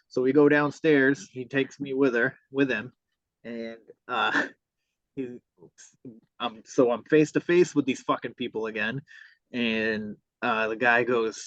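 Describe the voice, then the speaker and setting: A man's voice: mid-range voice, fairly even intonation, measured pace, a bit bright, no room sound. Profane man telling a story, dull sound. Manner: profane, re-enacts dialogue. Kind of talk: casual storytelling.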